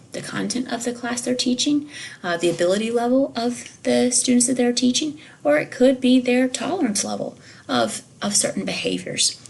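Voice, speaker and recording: A woman trainer giving a recorded staff training talk, measured, with many pauses and fillers. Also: a little high, vocal fry.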